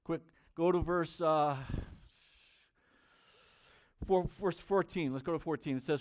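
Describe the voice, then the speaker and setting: A man's voice: fairly high pitch, measured pace, long pauses, darkish tone. A man preaching a sermon as pastor, earnest and conversational, reading Bible verses aloud to his church.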